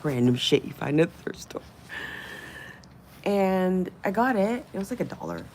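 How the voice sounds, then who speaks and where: Woman, livestream host, low voice, lively pitch, swears, coos, slips into whispers, faint background noise. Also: moderate pace. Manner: chatty, swears casually, coos at objects, drops into whispers. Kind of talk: casual livestream chat.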